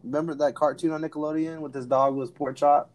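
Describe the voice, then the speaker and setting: A man's voice: fairly high pitch, little pitch movement, fast, darkish tone, rough recording. A man co-hosting a casual podcast, joking around and stumbling over hard names. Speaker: podcast co-host.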